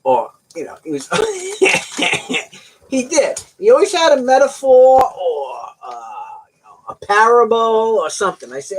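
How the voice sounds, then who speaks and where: A man's voice: high-pitched, vocal fry, slight background noise. A middle-aged man hosting a livestream, chatting casually with viewers and telling rambling, joking stories. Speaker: livestream host.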